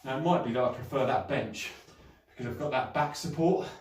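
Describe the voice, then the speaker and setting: A man's voice: mid-range voice, fairly quick, a little mellow. Chatty middle-aged man, distant roomy mic. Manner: chatty, breezy, mild swearing. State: out of breath between sets. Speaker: fitness vlogger. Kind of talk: casual workout vlog. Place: home gym at dusk. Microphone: camera set up at a distance. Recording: roomy sound from a distant camera.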